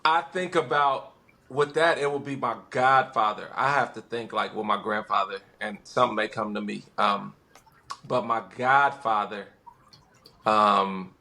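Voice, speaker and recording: Bright-voiced man telling stories. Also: on the low side, unhurried, creaky. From West Los Angeles. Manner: animated storyteller, acts out quotes. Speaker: podcast guest. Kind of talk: casual conversation.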